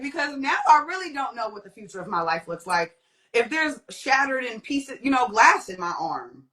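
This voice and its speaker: Very animated yet at a normal speed, this young woman speaks with a bright, forceful tone while sharing her testimony as a guest. Quoted lines get acted out vividly, with sharp leaps in pitch.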